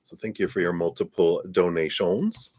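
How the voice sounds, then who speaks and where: A man with a low voice reads tarot cards on a live stream, easygoing and chatty. He laughs often and trails off mid-thought. The sound is dry and close to the mic. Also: normal speed, a little mellow, no echo. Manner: laid-back, laughs often, trails off and restarts. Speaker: tarot reader.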